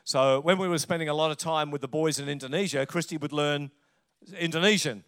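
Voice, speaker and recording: High-voiced Australian pastor, chatty and joking. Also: male voice, a little fast, fairly bright tone, clean tone. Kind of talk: conversational sermon.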